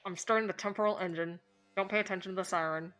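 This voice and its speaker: A woman streamer reads a game's dialogue and narration aloud during a live playthrough, cursing and laughing at the story. Her mid-range voice is a bit bright and fairly even, and she talks fast over soft background music.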